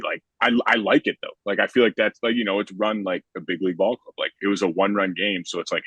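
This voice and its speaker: Deep-voiced young man chatting casually. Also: fast, few pauses, husky, no echo. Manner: relaxed, rambling, heavy on filler words. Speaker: professional baseball pitcher. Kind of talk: casual podcast chat.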